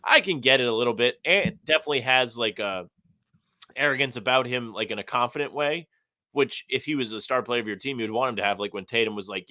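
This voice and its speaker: A man with a bright, forceful voice chats on a sports podcast, reading listener comments aloud and weighing in bluntly. His voice sounds dry and close to the mic. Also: mid-range voice, quick pace, dry recording. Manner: reads listener comments aloud, opinionated and conversational. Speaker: podcast co-host. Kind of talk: casual sports podcast chat.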